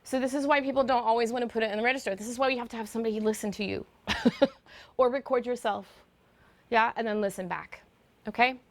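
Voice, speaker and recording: A woman's voice: fairly high pitch, steady tone, quick pace. A middle-aged woman vocal coach giving an online singing lesson, chatty and explaining with fillers and demonstrations.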